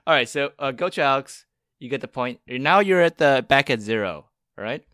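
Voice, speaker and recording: A man's voice: mid-range voice, expressive, moderate pace, bright, forceful tone, no echo, clean studio sound. A man hosting a casual podcast, reading out quiz clues and laughing and swearing when he gets flustered. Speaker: podcast host running a quiz game.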